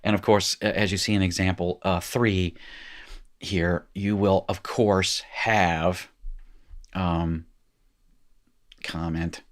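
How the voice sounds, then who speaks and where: A man with a fairly low voice talks through a recorded lesson. He explains casually and fills gaps with "um". He often stops to correct or rephrase himself. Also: fairly even intonation, slow, pauses often. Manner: chatty, self-correcting explanations with frequent fillers. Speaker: Hebrew teacher. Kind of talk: recorded screen-share lesson.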